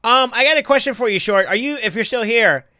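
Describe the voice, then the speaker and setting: A man streaming live, casually chatting and thanking viewers, excitable with sudden yells, his voice going hoarse from yelling. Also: very high-pitched, a little fast, no room sound, clean studio sound.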